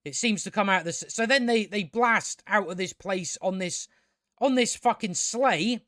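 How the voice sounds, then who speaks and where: A man's voice: high voice, normal speed, bright, forceful tone, no echo, clean studio sound. A man reviewing a TV episode in a rambling casual recap, sarcastic and profane, stumbling over restarts. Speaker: video reviewer.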